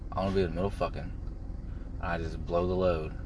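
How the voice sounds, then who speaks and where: A man's voice: low-pitched, flat delivery, fast, a little mellow, a little hiss or hum. A man co-hosting a casual podcast, joking crudely and talking in a carefree way. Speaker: podcast co-host.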